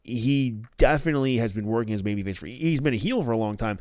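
Smooth-voiced man rambling through a review. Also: mid-range voice, quick pace, a little mellow, dry recording, clean studio sound. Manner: rambling, with restarts and casual swearing. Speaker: wrestling podcast host. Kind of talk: casual solo review.

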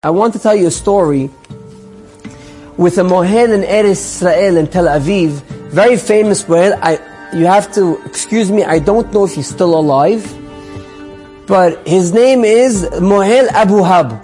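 A man with a strikingly high voice tells a story aloud. He leans on repetition, stacking phrase after phrase to drive the feeling home. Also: normal speed, warm tone, soft background music. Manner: emphatic, repeats phrases for effect. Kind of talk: spoken storytelling.

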